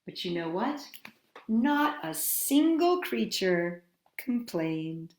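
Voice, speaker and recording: A woman hosting a storytime, reading a picture book aloud to children with an animated, expressive delivery. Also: mid-range voice, slow. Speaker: storytime host. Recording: echoey room.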